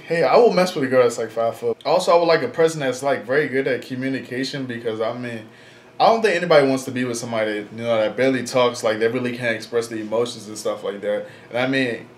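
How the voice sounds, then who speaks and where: A man in his twenties talking casually in a vlog, rambling with lots of fillers and slang, blunt and frank. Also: medium pitch. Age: 20s. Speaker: vlogger. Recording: echoey room, faint background noise.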